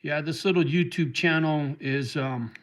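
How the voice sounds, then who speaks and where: On a casual livestream, a middle-aged man speaking a little high and a little slow reads viewers' comments aloud. His answers are heartfelt, and he gets choked up talking about dogs.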